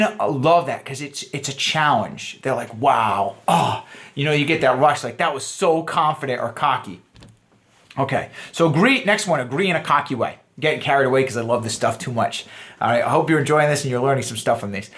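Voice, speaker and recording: A man in his thirties giving a casual dating lesson, animated, acting out quoted lines in shifting voices. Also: medium pitch, brisk. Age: 30s. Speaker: dating coach.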